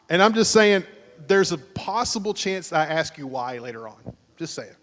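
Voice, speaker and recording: Joking pastor hosting a church game. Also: male voice, on the high side, moderate pace. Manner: joking, teasing, animated. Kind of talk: playful game show hosting. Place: church sanctuary, at the altar. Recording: long church hall reverb.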